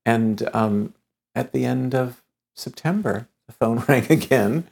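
A man telling a long anecdote in conversation, lively and acting out the dialogue, often restarting his sentences with stammers. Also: mid-range voice, slow, vocal fry. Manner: lively storyteller who acts out quoted dialogue.

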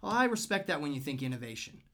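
A man's voice: fairly high pitch, big pitch swings, fast, bright, forceful tone. A man co-hosting a podcast in casual, loose chat, swearing freely and rambling. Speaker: podcast co-host.

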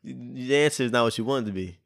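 A man's voice: medium pitch, quick pace. A man in casual chat, joking and reacting with lots of slang. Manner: animated, joking, profane slang.

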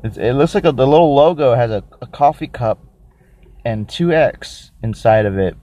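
A man hosting a casual solo podcast who rambles, thinks out loud and makes crude, self-mocking jokes while reviewing a drink. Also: mid-range voice, moderate pace. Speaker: podcast host.

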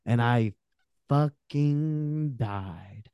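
A man, a podcast guest, telling a story in casual chat, animated and profane, acting out what people said. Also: mid-range voice, extremely slow, clean tone, dry recording, dull audio. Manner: animated, profane, acts out quotes.

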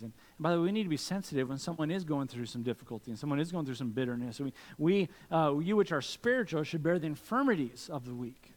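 A man preaching a sermon as pastor, earnest and asking many rhetorical questions. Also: a little high. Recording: long reverb from a church hall.

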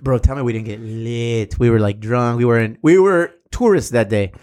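A man's voice: medium pitch, moderate pace, a little mellow. A man in his thirties, co-hosting a podcast, telling rowdy stories with laughs, swearing and Spanish slang. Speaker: podcast co-host. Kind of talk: casual storytelling chat.

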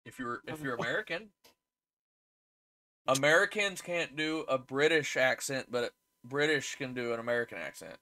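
A man's voice: medium pitch, moderate pace, pushed and bright. A man with an Oklahoma accent, co-hosting a podcast in casual, teasing banter. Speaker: podcast co-host. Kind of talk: casual chat.

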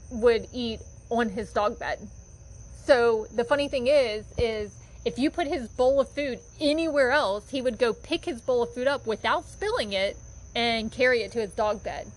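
A woman's voice: fairly high pitch, measured pace, poor audio. Chatty woman telling foster stories. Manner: chatty, many fillers, gets emotional. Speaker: dog foster volunteer. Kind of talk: casual storytelling monologue.

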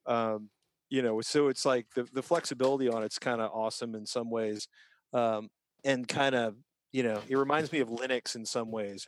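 A man's voice: mid-range voice, fairly even intonation, moderate pace. A man co-hosting a podcast in casual chat, talking in a rambling, self-interrupting way with chuckles. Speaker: co-host.

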